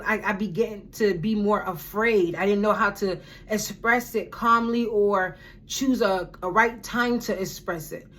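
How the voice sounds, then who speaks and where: A woman's voice: medium pitch, fairly bright tone. A woman in her thirties, a self-care coach hosting her podcast, sharing a personal reflection in an earnest, conversational way, often repeating words as she restarts. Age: 30s. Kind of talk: casual spoken reflection.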